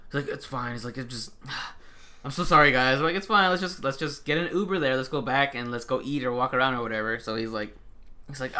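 A man's voice: mid-range voice, sharp tone. A young man tells a long story in casual chat, swearing freely and acting out his friends' lines.

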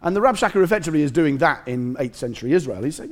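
A man preaching a lively, conversational sermon with humor, reading scripture aloud and commenting as he goes. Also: a little high, rapid-fire, hardly any pauses.

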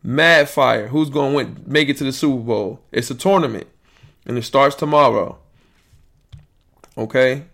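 A young man rambles through casual podcast talk, swearing loosely as he goes. His voice sits mid-range with a gravelly creak. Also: medium pitch, normal speed, pauses often, a bit bright. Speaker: podcast host.

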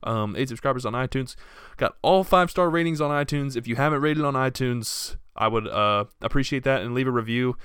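A man's voice: mid-range voice, brisk, few pauses, smooth, no echo, studio quality. A young man hosting a solo podcast, telling stories in a casual, profane way and acting out the people he quotes. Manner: casual, profane, storytelling with animated quoted voices. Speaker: podcast host.

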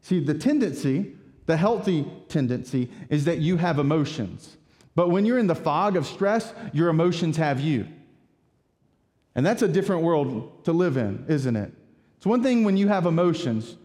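A man preaching a sermon as pastor, talking in a conversational, animated way with rhetorical asides. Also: a little high, moderate pace, big-room sound.

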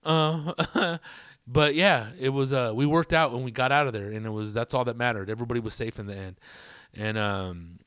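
A man's voice: medium pitch, steady tone, moderate pace, a bit bright, clear, resonant tone, no echo, studio quality. Foul-mouthed man telling a rambling story. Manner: profane, rambling, slangy. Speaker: vlogger. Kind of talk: casual storytelling.

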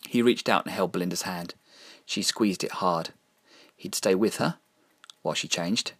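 In a grim, deliberate storytelling style, a man with a voice that sits low narrates a dark horror tale, easing off the pace to stress important phrases. The recording has no audible room.

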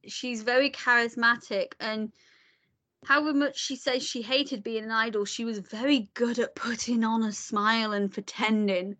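An animated woman talks in a casual chat, opinionated and quick to swear. Her voice is bright and forceful, with a sharp edge. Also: fairly high pitch.

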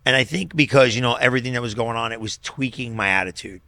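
A man's voice: medium pitch, quick pace, pushed and bright, no echo. A middle-aged man pastor co-hosting a podcast, chatting casually and often affirming with short remarks.

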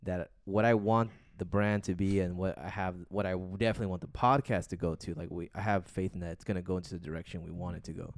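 A man's voice: deep voice, fairly even intonation, fast talker, hardly any pauses. A man co-hosting a podcast, talking in a loose, rambling, laid-back way and swearing casually. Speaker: podcast co-host.

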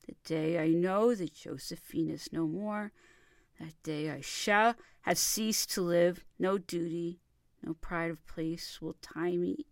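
Slow, impassioned woman reading a letter. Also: fairly low pitch, steady tone, no echo, clean studio sound. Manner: impassioned, theatrical delivery with soft whispered passages. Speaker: reader. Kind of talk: dramatic reading of an old love letter.

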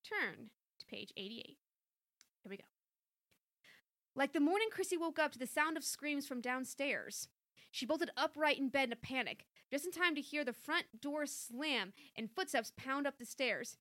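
A woman reading an interactive story aloud, playful and lively between passages. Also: sits high, normal speed, dry recording, clean studio sound. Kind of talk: storybook narration with chat.

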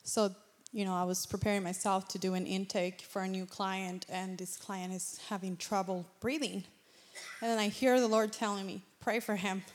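A woman's voice: medium pitch, a little hiss or hum. Earnest woman sharing a church testimony. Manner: earnest storytelling, grows excited, laughs often. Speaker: congregation member giving testimony. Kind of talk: personal testimony.

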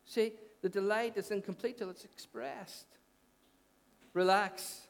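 A man's voice: sits high, steady tone, a little slow, creaky. A man preaching a sermon as pastor, conversational, repeating phrases and asking the congregation questions. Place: church hall. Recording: long church hall reverb.

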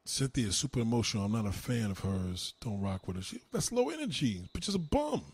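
A man's voice: mid-range voice, very animated, a little fast, husky, no room sound. Combative man ranting on a livestream. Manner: loud, combative, profane, mocking. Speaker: livestreamer reacting to chat. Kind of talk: live-stream rant.

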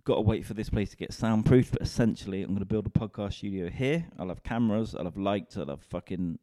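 A man's voice: lowish voice, fast, mellow, dry recording, clean studio sound. A man, a comedian and podcast host, rambling in a casual, sweary, self-mocking solo rant.

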